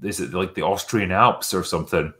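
A man's voice: low voice, a little fast, a bit bright. A man chatting casually about a film, rambling with lots of fillers and laughing often.

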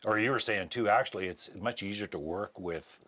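A man hosting a casual interview with a local band, asking loose questions and chiming in with quick affirmations. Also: lowish voice, a bit bright. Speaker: show host interviewing a band.

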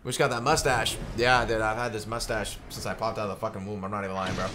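A young man streaming a game live, chatting casually with viewers in an excitable, profane way. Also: on the low side, fast, slight background noise. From Georgia, United States. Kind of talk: casual live gameplay commentary.

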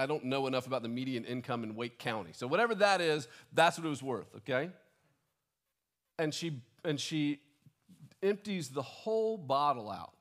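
A man delivering a sermon in a relaxed, conversational way. His voice sits slightly higher than most men's. He often repeats the first words of a phrase as he works toward his point. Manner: conversational preaching with repeated restarts and dramatized quotes. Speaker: pastor.

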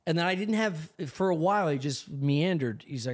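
A young adult man with a somewhat high voice tells a comic story on a podcast. He is animated and profane, jumping into quoted voices as he goes, with plenty of swearing in the mix. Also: moderate pace, few pauses. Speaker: podcast co-host. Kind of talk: comedic storytelling.

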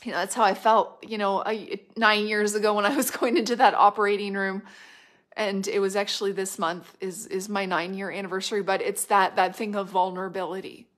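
A middle-aged woman delivering a prophetic word, fervent and repetitive, swinging between loud declarations and hushed whispers. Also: mid-range voice, fairly even intonation, fairly quick. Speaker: prophetic minister.

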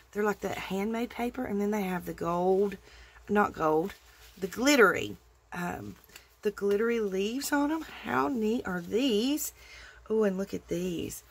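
A woman's voice: medium pitch, creaky, breathy edge. A woman hosting a crafting channel, gushing with delight as she unboxes a happy-mail package. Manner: gushing, effusive, drawn-out exclamations.

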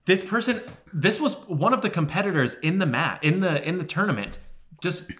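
A man co-hosting a podcast, telling a long story in a rambling, animated way with lots of swearing and filler words. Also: high-pitched, normal speed. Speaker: podcast co-host. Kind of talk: casual storytelling chat.

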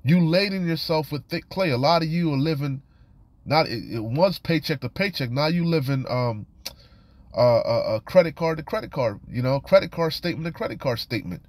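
A man's voice: on the high side, lively intonation, brisk, no room sound. A man teaching from scripture in a casual, admonishing way, often repeating "you know" and "man". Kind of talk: informal scripture study and warning.

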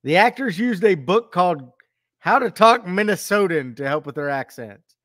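A man with a high, bouncy voice heckles his co-hosts with mocking jabs and reads fun facts. His pitch swings widely, and the sound is close and dry. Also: expressive, moderate pace, fairly bright tone, no room sound. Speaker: podcast co-host. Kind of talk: casual chat with heckling.

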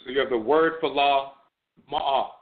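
A man's voice: medium pitch, unhurried. Man lecturing over tinny phone-like audio. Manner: repeats key terms for emphasis. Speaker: teacher of religion and language. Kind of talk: spoken lecture on religion.

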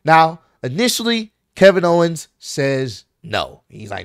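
Male wrestling vlogger, casual and animated, clear smooth voice, dry close mic. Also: a little high, measured pace, no room sound. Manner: animated, acts out wrestler quotes. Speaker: wrestling commentary youtuber. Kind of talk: casual recap vlog.

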